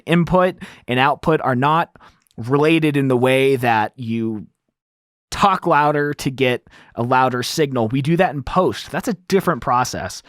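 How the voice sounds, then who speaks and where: A man hosting an audio tutorial, explaining step by step in a casual, animated way while demonstrating on a studio microphone. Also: on the high side, no echo. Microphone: studio microphone through an audio interface.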